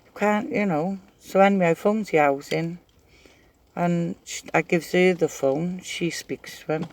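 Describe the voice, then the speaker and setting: A man's voice: high voice, measured pace, darkish tone. A middle-aged man, casually rambling through stories and laughing as he tells them. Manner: chatty, rambling, laughs while telling stories. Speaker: craft vlogger. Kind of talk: casual storytelling.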